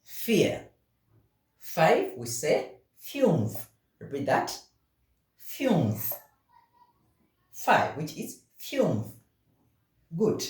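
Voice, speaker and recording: A man's voice: a little high, wildly swooping pitch, echoey room. A man teaching a beginner German lesson, saying each word several times and asking learners to repeat after him. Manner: drills words slowly, asks learners to repeat.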